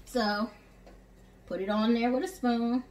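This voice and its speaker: Speaking slowly in a fairly high but darkish, steady voice, a home chef with a Southern US accent demonstrates a recipe in her kitchen. She's chatty and encouraging, calling viewers y'all and honey, and her voice comes from a distance in the echoey room.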